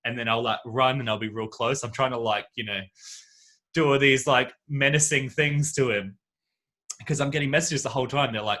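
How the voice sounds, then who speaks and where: A man hosting a podcast, telling an anecdote with animated storytelling and acting out the voices of the people in it, talking from home on a video call. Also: medium pitch, brisk. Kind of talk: casual chat. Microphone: video call microphone.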